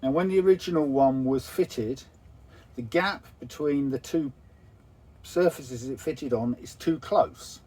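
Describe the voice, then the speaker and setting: A man calmly explaining engine parts in a casual, practical way aboard a narrowboat. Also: mid-range voice, measured pace, husky. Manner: matter-of-fact, practical. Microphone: phone camera.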